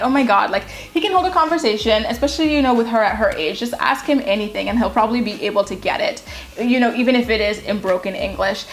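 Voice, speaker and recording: A young woman casually recapping a reality show, candid and gossipy, with lots of filler words. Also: a little high.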